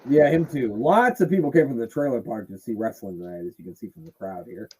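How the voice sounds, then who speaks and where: A man's voice: medium pitch, quick pace, dark tone, slightly rough, low-quality recording. A man hosting a casual wrestling podcast, joking around, swearing a lot and riffing on the footage. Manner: joking, profane, riffs in funny voices. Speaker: podcast host. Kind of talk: casual chat.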